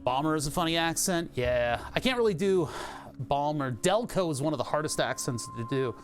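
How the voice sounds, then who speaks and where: A man's voice: a little high, expressive, brisk, soft background music. A man with a Philadelphia accent, streaming live and chatting casually, rambling, laughing often and swearing now and then.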